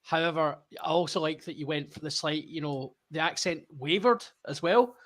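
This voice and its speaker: A man co-hosts a casual podcast, ribbing his friend. His voice sits a touch high. He often stammers into his sentences. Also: moderate pace, fairly bright tone. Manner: teasing, stammering restarts. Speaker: podcast co-host.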